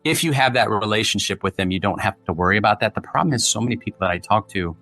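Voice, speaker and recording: A middle-aged man speaks as a podcast guest, his voice low and bright with a forceful edge. He explains things in long, anecdotal runs and often restarts his sentences. The recording is dry and close, with faint music behind it. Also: animated, quick pace. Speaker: guest author, former polygraph examiner. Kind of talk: conversational podcast interview.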